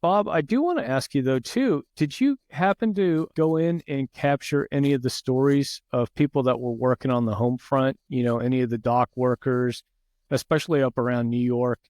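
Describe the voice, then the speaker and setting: A man's voice: medium pitch, normal speed, a little mellow, dry recording, clean studio sound. A man hosting a podcast interview, speaking reflectively and often restarting his sentences. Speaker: podcast host. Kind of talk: conversational interview.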